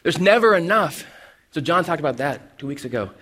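A man preaching a casual, conversational sermon, animated and full of restarts and acted-out asides. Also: a little high, fairly quick. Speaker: pastor.

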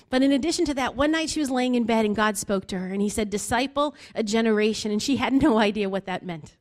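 A woman in her forties preaching an earnest sermon, building to emphatic appeals. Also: on the high side. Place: church basement hall.

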